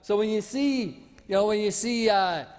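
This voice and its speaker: Guy giving a rambly mocking speech in parliament, kinda high voice, lots of uh and the the. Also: moderate pace, a little mellow, soft background music. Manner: rambling and mocking, full of fillers and restarts. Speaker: senator. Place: large debating chamber. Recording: echoey chamber reverb.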